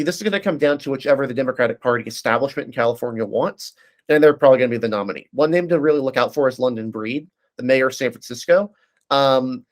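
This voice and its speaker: Man, political analyst guest, rapid delivery, self-correcting, mid pitch. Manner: fast, analytical, frequent restarts. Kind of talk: casual political discussion.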